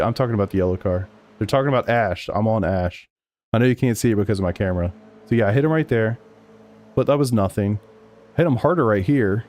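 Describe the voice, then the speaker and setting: A man's voice: lowish voice, darkish tone. A man streaming sim racing live, talking over race replays and arguing back at his chat with plenty of swearing. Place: home sim racing room.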